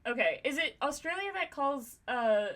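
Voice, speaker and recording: A woman's voice: high voice, lively intonation, normal speed, over a noisy crowd. Woman, Southern American accent, stream host, casual chat, giggly, chatty fillers. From United States.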